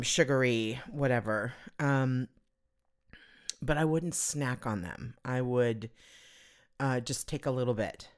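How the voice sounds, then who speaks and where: Woman podcast host, low voice, unhurried, rambling, self-deprecating. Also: smooth. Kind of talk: casual solo podcast chat.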